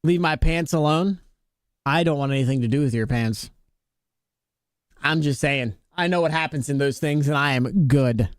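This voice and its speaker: A man's voice: fairly high pitch, normal speed, smooth, dry recording, clean studio sound. A male streamer chatting casually with viewers, joking around, laughing often and greeting chatters by name.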